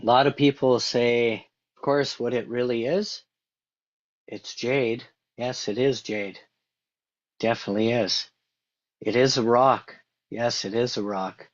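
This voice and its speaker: A man's voice: medium pitch, steady tone, measured pace, pauses often, highs cut off. A man giving an earnest, conversational motivational talk, repeating his points as he goes. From Canada. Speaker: motivational speaker.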